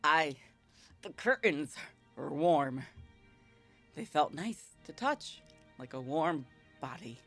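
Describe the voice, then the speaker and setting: A guilt-ridden male vampire, centuries old, brooding over the lives he has taken, as a woman reads him aloud. The reading is slow, low and somber, with a pitch that rises and falls freely. This is a visual novel narration. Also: lively intonation, soft background music, heavily acted.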